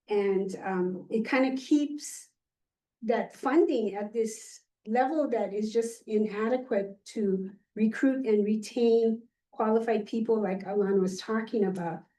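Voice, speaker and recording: Older lady at a board meeting, mellow voice, kinda rambly with lots of ums, sounds far off in an echoey room. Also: medium pitch. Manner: rambling, many fillers. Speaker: board member. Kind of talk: public meeting remarks. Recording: roomy, distant mic.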